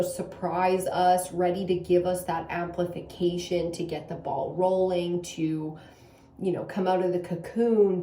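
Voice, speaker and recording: A woman's voice: on the low side, dark tone, echoey room. A young Canadian woman giving a casual tarot reading, rambling loosely and swearing freely. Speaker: tarot reader.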